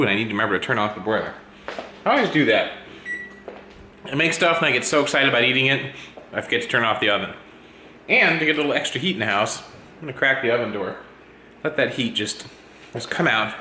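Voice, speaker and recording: A man's voice: medium pitch, sharp tone. A tired man in a house, chatting casually and rambling to the camera as he goes about his day. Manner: rambling, easygoing, talks to his cat. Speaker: vlogger. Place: cold, drafty house at home. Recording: echoey room with faint noise.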